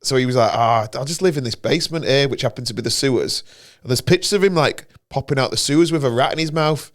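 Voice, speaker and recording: A man's voice: mid-range voice, fast talker. A man who is a comedian co-hosting a podcast, chatting playfully and laughing between loose, rambling stories. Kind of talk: casual banter.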